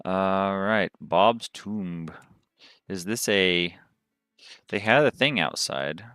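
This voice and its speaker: Chatty lively-voiced male game streamer. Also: low voice, slow pace, smooth, dry recording, studio quality, faint music behind. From southern United States. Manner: chatty, rambling, thinks aloud while playing. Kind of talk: gaming livestream commentary.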